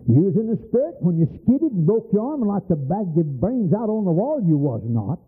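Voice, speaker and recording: Raspy old preacher. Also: male voice, sits high, very animated, brisk. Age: older. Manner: impassioned, storytelling, folksy. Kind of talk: fervent folksy sermon. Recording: tinny lo-fi old tape.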